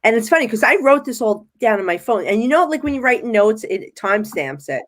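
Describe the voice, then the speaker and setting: A woman with a fairly high voice talks a little fast. She's a medium appearing as a guest in a casual podcast interview, animatedly telling her experiences and acting out what people said, including her own quotes.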